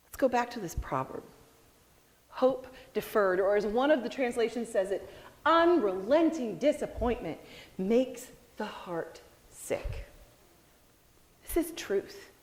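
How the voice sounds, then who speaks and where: A woman preaching a sermon, telling a story with expressive delivery and acting out the people in it. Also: a little high, slow pace, long reverb tail.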